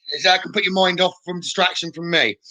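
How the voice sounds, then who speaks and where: A man speaks as a psychic medium on a live stream. His voice sits high and sounds bright and forceful, and he talks in a chatty way, passing on messages and checking in with a quick "okay?". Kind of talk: live-streamed spirit readings.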